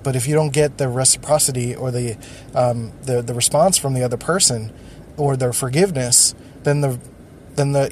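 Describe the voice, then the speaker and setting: A man's voice: mid-range voice, darkish tone, slight background noise. A man hosting a solo podcast, thinking aloud in a loose, rambling way with frequent restarts. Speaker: podcast host.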